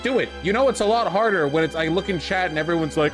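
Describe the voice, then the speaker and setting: A man's voice: high voice, fast, hardly any pauses, music in the background. Sarcastic, profane male streamer. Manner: sarcastic and profane, reacting to chat. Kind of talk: casual let's-play commentary.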